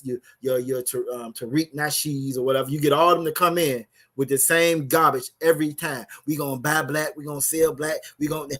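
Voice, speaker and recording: A man with a teaching a brotherhood Bible class in a preaching style. His voice sits at an ordinary middle pitch. He reads verses slowly and often repeats words while finding his place. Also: fairly bright tone.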